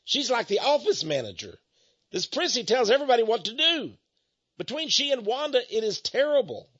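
A man's voice: very high-pitched, big pitch swings, a little fast, a bit bright, breathy edge, no echo, lo-fi sound. A man hosting a radio show, rambling and chuckling as he tells teasing stories in a folksy way.

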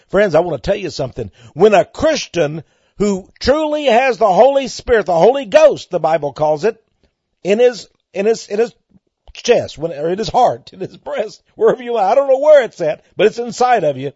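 A man with a Texan accent preaching a fervent sermon, swelling loud on key words and repeating himself. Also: high voice, big pitch swings, normal speed, husky, no echo. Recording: dry, muffled lo-fi recording.

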